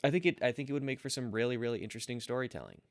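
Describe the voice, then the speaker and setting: A man's voice: medium pitch, rapid-fire. A man hosting a casual podcast chat, rambling through his ideas with lots of "like" and restarts. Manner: rambling, many fillers and restarts. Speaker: podcast host.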